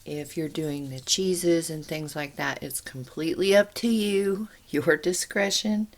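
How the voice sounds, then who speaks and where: Low-voiced, slow-talking woman canning at home. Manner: chatty and rambling, with asides. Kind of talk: casual kitchen demonstration. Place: home kitchen.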